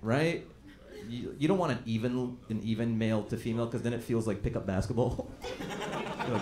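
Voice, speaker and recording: A man performing a stand-up comedy set on a club stage, talking conversationally and jumping into loud acted-out quotes for punchlines. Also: medium pitch, lively intonation, fairly quick. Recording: echoey club room with crowd noise. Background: audience laughter.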